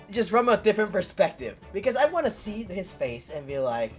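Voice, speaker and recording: A young woman plays through a story game on stream, talking over it freely. Her voice sits low but swings widely in pitch. She swears casually and laughs at the plot. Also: sing-song, normal speed, hardly any pauses, faint music behind. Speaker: gaming streamer. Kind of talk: let's-play commentary, reading game dialogue aloud.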